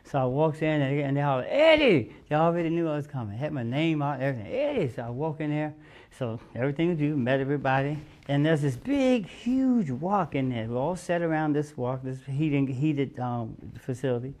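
A man with a fairly high voice spins a long tale in a studio chat. He acts out each quoted person as he goes and laughs along with his own story. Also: fairly quick, a little mellow. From United States. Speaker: guest musician. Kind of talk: casual storytelling.

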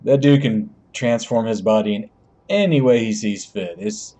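A man talking over his online shooter matches, joking and rambling between rounds. He has a mellow, slightly husky voice that jumps into excitable yelps when the action heats up. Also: fairly low pitch, normal speed. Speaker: gaming channel host. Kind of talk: gameplay commentary.

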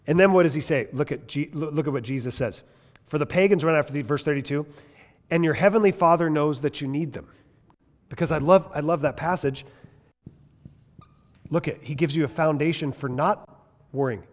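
A man teaching a Bible class in a lively, conversational way, asking his listeners questions as he goes. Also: fairly high pitch, a little fast, pauses often, big-room sound. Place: large classroom or hall.

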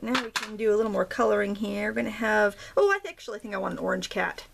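A woman's voice: mid-range voice, lively intonation, fast, creaky, hardly any pauses, noisy background. A woman from Maine with a light Maine accent, chatting and joking her way through a casual craft demonstration at home. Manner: chatty, jokey, thinks aloud while working. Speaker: craft tutorial host.

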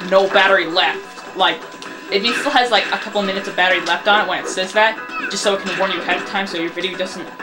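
A woman giving casual gameplay commentary who rants in frustration and breaks into shouting. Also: fairly low pitch. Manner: frustrated ranting, bursts into shouting. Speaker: let's play commentator. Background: video game music.

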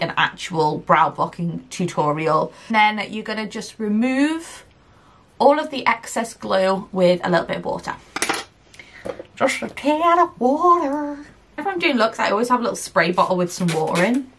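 A woman's voice: medium pitch, a bit bright. A woman, a makeup artist, giving a chatty, upbeat makeup tutorial with self-mocking asides.

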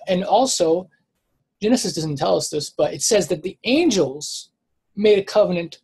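A man giving a casual, unscripted scripture lesson, thinking aloud, stopping to correct himself and filling pauses with "um" and "like". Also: high voice, a little mellow, slightly rough, poor audio. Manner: hesitant, self-correcting, thinks aloud with many fillers. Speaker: Bible study teacher.

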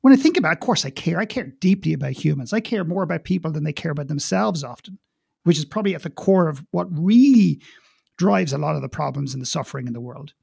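Gravelly Irish man, passionate and blunt. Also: on the high side, lively intonation, fast talker, darkish tone, dry recording, studio quality. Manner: passionate, blunt, swears, repeats words. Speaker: guest. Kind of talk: podcast interview.

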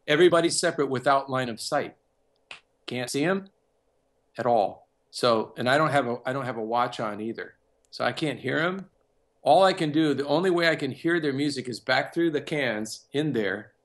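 A man's voice: medium pitch, expressive, moderate pace. A man who works as a music producer and composer, telling a personal story in a casual interview and acting out other people's lines as he goes.

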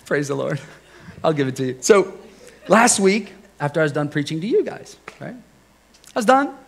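A man preaching to a church congregation in a loose, joking style. His voice sits fairly high and swings widely as he tells stories, chuckling and tossing questions to the listeners. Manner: jokey, chuckles often, asks the congregation questions. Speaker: pastor. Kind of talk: conversational sermon with personal stories. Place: church service before a congregation.

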